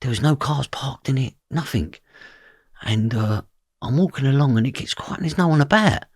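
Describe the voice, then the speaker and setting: A man's voice: mid-range voice, lively intonation, moderate pace, husky, no echo, clean studio sound. A man telling a story from his past, blunt and swearing freely, often asking "do you know what I mean". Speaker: podcast guest. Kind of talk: personal storytelling.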